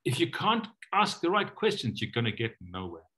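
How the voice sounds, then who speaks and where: Male trainer, bright and lively delivery, teaches by acting out sample questions on a video call. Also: medium pitch, normal speed. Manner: animated, acts out questions in different voices. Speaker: coaching trainer. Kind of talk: online training session.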